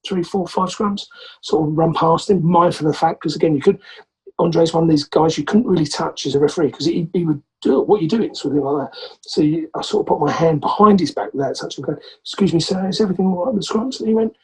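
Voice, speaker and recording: A man's voice: a little high, fast, husky, poor audio. A man from England, a podcast guest, telling an anecdote and acting out the voices of the people in it. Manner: animated, acts out quoted voices. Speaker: podcast guest, former rugby player. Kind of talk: anecdotal storytelling.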